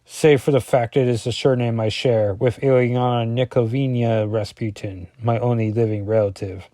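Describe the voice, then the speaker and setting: A man voicing a stoic male Russian superhero, reading his lines slowly and deliberately in a put-on Russian accent. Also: mid-range voice, fairly even intonation, mellow, dry recording, natural voice. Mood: solemn.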